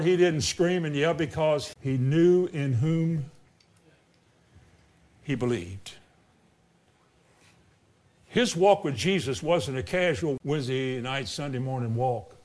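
Preacher guy, kinda high voice, goes from shouting to murmuring, acts out the scenes. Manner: dramatic, swings from loud outbursts to low murmurs. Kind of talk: sermon.

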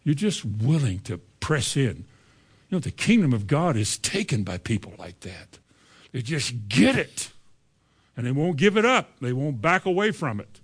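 A man's voice: medium pitch, very animated, normal speed, slightly rough. A man, preaching a sermon with emphatic rises on key lines and quoting scripture. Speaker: pastor.

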